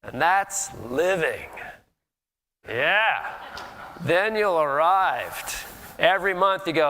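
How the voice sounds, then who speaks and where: Gravelly man preaching in a hall. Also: a little high, normal speed, pushed and bright. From Colorado. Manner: conversational preaching, mimics people's inner voices. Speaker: guest minister. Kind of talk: sermon. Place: church sanctuary. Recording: long hall reverb.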